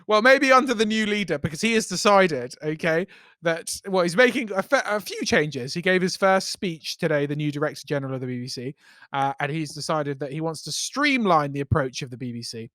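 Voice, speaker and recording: A man's voice: a little high, lively intonation, brisk, a bit bright, no room sound, clean studio sound. A young man co-hosting a comedy podcast, rambling through a story with self-corrections and swearing. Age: young adult. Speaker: podcast co-host. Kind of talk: casual comedy podcast banter.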